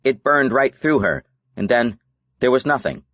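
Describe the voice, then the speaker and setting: A man narrating a novel as an audiobook in a measured, even reading. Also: mid-range voice, no room sound. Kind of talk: scripted narration.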